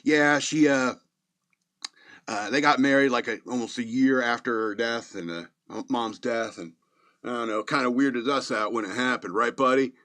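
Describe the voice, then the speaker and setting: A man voicing a scheming teenage boy who spins a smooth, conspiratorial lie. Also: medium pitch, moderate pace, fairly bright tone, dry recording, close to an everyday voice. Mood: eager.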